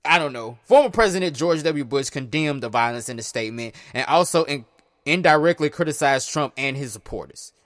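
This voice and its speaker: A man's voice: fairly high pitch, lively intonation, a little fast, fairly bright tone. A man reading news stories aloud on his podcast, stumbling over words, then breaking into slangy, profane commentary. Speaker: podcast host.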